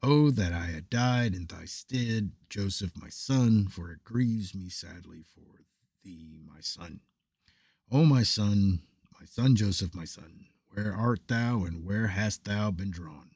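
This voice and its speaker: A man reading the part of a grieving old father, lamenting slowly and sinking very soft, in a husky low voice. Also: no echo, clean studio sound, full character voice. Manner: slow mournful lament, voice dropping very soft. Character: grieving old father, wailing for his son.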